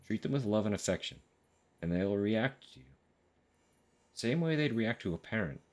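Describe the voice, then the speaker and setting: An earnest veteran porter confides his worries to a fellow courier, as a man reads the game message aloud. His voice is very deep and low. He talks frankly, like one worker to another. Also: expressive, moderate pace, a little mellow, lightly acted.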